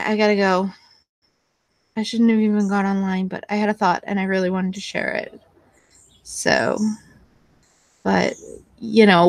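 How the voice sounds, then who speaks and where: Recorded dry, a woman of medium pitch runs her own YouTube channel and chats loosely with viewers, answering them. Her talk rambles and is blunt and profane, packed with fillers, restarts and self-corrections.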